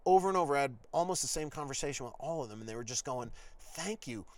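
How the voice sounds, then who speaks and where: Man, podcast host, rambling storytelling, swears a lot, mid pitch, dry recording. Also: racing, no room sound. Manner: profane, animated, rambling.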